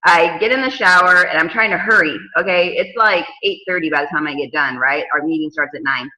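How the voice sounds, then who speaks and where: A woman in her thirties coaching her team on a casual video call, telling stories with lively, dramatic asides. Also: fairly low pitch, brisk, echoey room, low-quality recording. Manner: animated storytelling with dramatic quoted asides.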